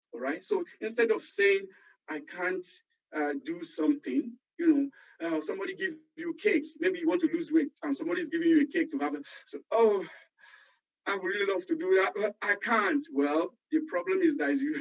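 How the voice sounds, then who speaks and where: A man's voice: fairly high pitch, slightly rough. A man giving a motivational conference talk, telling stories and repeating phrases for emphasis. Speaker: conference speaker. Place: conference hall. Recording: muffled, distant conference recording.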